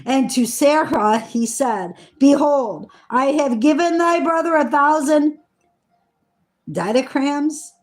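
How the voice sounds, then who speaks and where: A woman slowly reading scripture aloud, earnest, stumbling over hard names and adding eager comments of her own. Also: high voice. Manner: excited asides about the text. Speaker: Bible reader.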